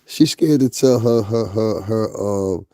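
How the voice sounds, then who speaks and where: Host: young man with a Northeastern US accent, mellow and dry-sounding, crude, laughing gossip talker. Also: lowish voice, slow, no echo. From US tri-state area. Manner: laughs often, crude and joking. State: sleepy, up early. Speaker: commentary channel host. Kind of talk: casual gossip commentary.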